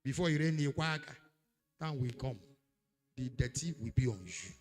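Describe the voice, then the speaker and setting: Dramatic preacher, lively pitch. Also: male voice, moderate pace. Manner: dramatic, swings from shouting to hushed. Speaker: pastor. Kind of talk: sermon.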